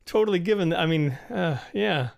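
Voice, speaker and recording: Male co-host, somewhat high voice, bashful, hesitant, laughs a lot. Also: vocal fry. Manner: self-deprecating, laughs often, halting. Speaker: podcast co-host. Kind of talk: casual chat about films.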